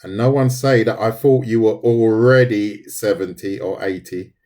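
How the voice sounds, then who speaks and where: A middle-aged man draws on stream and chats with viewers, frequently saying "mate." His voice is lowish and darkish, with fairly even intonation and normal speed.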